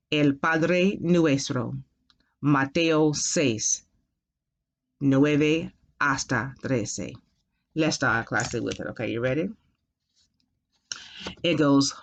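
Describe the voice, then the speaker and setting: A woman teaching a Spanish class, patiently drilling phrases and repeating them slowly for her students. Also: sits low. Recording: dull lo-fi sound.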